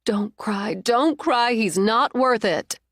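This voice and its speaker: A doting middle-aged mother, read by a woman narrator, fiercely protective of her daughter. Her speech is warm and soothing but quick to flare with indignation. The audiobook recording is dry and close. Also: a little high, no room sound, voice pushed up.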